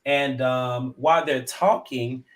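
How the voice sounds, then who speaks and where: A man's voice: mid-range voice, fairly even intonation, takes it slowly. Guy recapping a reality show on a live panel, laughs a lot, acts out the quotes. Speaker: show host recapping episode. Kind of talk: casual recap chat.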